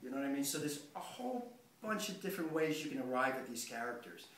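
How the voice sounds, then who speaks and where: Acting teacher talking in an echoey room. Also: male voice, medium pitch, expressive, quick pace, fairly bright tone. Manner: rambling, conversational, self-interrupting. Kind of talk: workshop lecture. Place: workshop room. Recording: echoey room, distant mic, faint noise.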